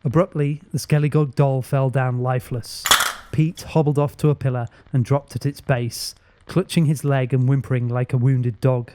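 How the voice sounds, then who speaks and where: A man's voice: mid-range voice, little pitch movement, moderate pace, dark tone, a little hiss or hum. Man narrating a horror audiobook. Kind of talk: first-person horror narration.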